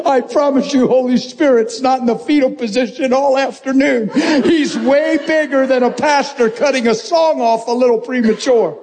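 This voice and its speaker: Male pastor, high voice, animated and joking sermon storytelling. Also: moderate pace, slight background noise.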